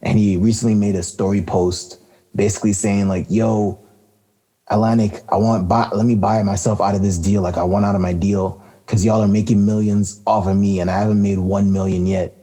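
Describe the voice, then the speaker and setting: Relaxed husky-voiced podcast man. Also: lowish voice, moderate pace. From Canada. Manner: laid-back, rambling, laughs often, many fillers. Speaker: podcast co-host. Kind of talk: casual hip-hop podcast chat.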